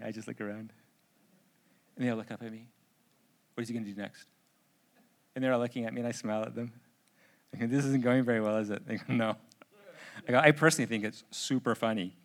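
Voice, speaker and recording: A man's voice: lowish voice, fast, pauses often. A middle-aged Canadian man preaching a sermon in a conversational, humorous way that builds to emphatic urgency. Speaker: pastor.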